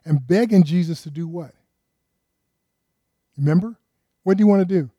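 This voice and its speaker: A folksy male preacher gives a conversational sermon, often turning to his listeners with questions. His voice sits a little high, with a mellow, warm tone. The sound is dry and close. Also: moderate pace, husky, no room sound, highs cut off.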